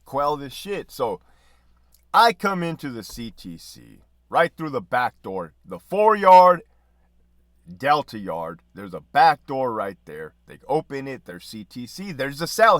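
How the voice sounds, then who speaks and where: A middle-aged man tells a story from his prison days, cursing freely, laughing, and acting out both sides of a conversation. His voice sits a bit high for a man and rises and falls a lot as he talks. The sound is dry and close, with no room echo. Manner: profane, animated storytelling with laughs and quoted dialogue. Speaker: podcast host, former prison officer. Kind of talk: casual storytelling.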